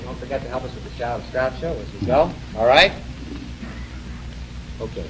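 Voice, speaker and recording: A man on the studio crew giving quiet, offhand cues before a show starts. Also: animated, normal speed. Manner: low, offhand, off to the side. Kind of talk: quiet pre-show cueing. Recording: distant, very hissy old recording.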